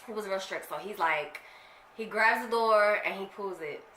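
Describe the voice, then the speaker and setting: Bright-voiced young woman telling a story. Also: mid-range voice, moderate pace. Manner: candid and slangy, swears freely. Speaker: vlogger. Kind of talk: casual storytelling to camera. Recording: echoey room with faint noise.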